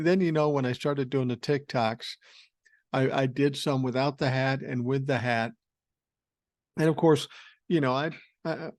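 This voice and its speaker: A man in his sixties hosts a podcast, reading listener email and telling rambling stories in a blunt, profane style. His mid-range voice has a darkish tone, and the recording is dry with clean studio sound.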